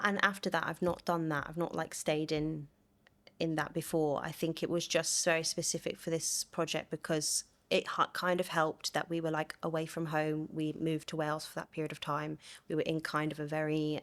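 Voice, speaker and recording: A woman's voice: low-pitched, flat delivery, moderate pace. A woman in her thirties from London, chatting as an interview guest, hesitant, with many fillers and restarts. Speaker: actress guest. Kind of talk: casual conversation.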